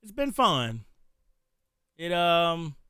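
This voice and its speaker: A man with a rural American country accent, chatting casually to his viewers while streaming a game, rambling with frequent pauses. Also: a little high, sing-song, bright, forceful tone, clean tone, dry recording, studio quality. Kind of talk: casual gameplay stream commentary.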